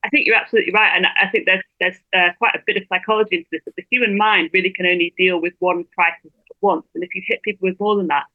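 A woman being interviewed as a guest, making her points in a fluent, measured way. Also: fairly low pitch, fairly even intonation, dry recording. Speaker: guest blogger. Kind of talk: interview over a phone line. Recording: tinny dry phone line.

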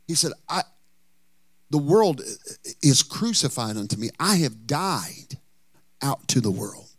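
Animated preaching man, dry close sound. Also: medium pitch, takes it slowly, husky, dry recording. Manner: animated preaching, folksy asides and humor. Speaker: pastor. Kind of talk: sermon.

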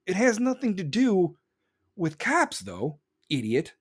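A man's voice: high-pitched, wildly swooping pitch, slow, slightly rough. A man, hosting a live show and ranting heatedly and sarcastically, swearing often and mocking people in put-on voices. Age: 40s. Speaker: live-stream podcast host. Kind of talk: ranting political talk.

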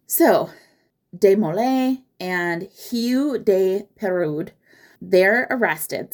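A woman hosting a history podcast, telling the story casually and acting out quoted lines in mock voices. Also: fairly low pitch.

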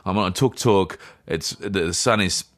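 A man telling a story in a casual podcast chat, animated, often repeating words as he gets excited. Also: sits low, measured pace, dry recording, studio quality. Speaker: podcast co-host.

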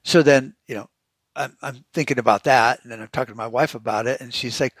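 A man's voice: mid-range voice, steady tone, a little fast, fairly bright tone, no echo. A man hosting a podcast, ranting heatedly and sarcastically with constant swearing. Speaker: podcast host. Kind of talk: profane rant.

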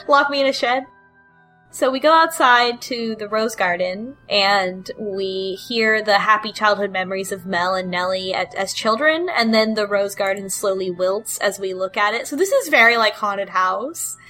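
A woman hosts a relaxed podcast conversation, walking through a game with plenty of hesitations and filler words. Her voice is bright and forward, and her asides are cheeky and irreverent. Soft music sits faintly underneath. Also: mid-range voice, moderate pace, hardly any pauses, poor audio. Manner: rambling, hesitant, with frequent ums and laughs. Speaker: podcast host recapping a game. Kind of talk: casual chat.

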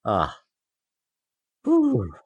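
A man's voice: on the low side, wildly swooping pitch, a little mellow, husky, lo-fi sound. Brief: male comedy regular, frantic play-by-play, stammering, exasperated. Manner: rushed, stammering, exasperated, swears and laughs. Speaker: show regular. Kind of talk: frantic live description of a music video.

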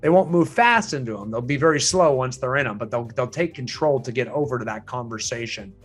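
A man's voice: expressive, a little fast, slightly rough, soft background music. A man teaching real estate agents in a training lecture, emphatic and full of rhetorical questions, repeating his key points. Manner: swings pitch up and down for emphasis.

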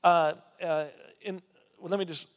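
A male pastor preaching a sermon, with emphatic rises and hushed drops. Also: on the high side, steady tone, unhurried. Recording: long hall reverb.

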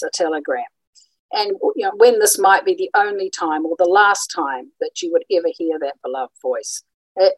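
A woman gives an informal history talk, thinking aloud with frequent ums and small restarts. Her voice sits slightly low. The recording is dry and close, with no room sound. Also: no echo, low-quality recording. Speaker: presenter on radio history.

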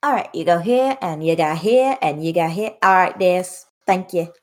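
Bustling female sea elf hostess, fussy, patronizing, raised pitch, put on by a woman. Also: lively intonation, unhurried, a bit bright.

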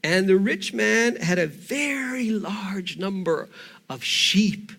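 A man preaching a sermon, retelling a story in an animated, conversational way with rhetorical questions. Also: sits high, slow, vocal fry.

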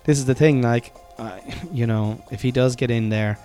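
A man's voice: medium pitch, moderate pace, dark tone, soft background music. A man in his thirties with a Cork Irish accent, hosting a podcast as a comedian in a loose, chatty, self-deprecating monologue full of fillers and restarts. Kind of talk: casual rambling podcast monologue.

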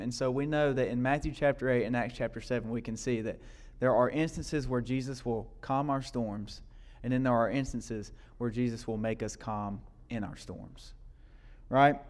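Before a congregation at a church service, a guest preacher speaks at normal speed in a mid-range voice. His sermon is loose and conversational, full of repeated words and "right?", and he keeps questioning and prompting the people listening.

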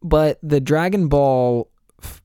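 A man's voice: on the high side, slow, mellow, clear, resonant tone, no room sound, studio quality. A man co-hosting a podcast, chatting casually and enthusiastically about video games, rambling and laughing often. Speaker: podcast co-host.

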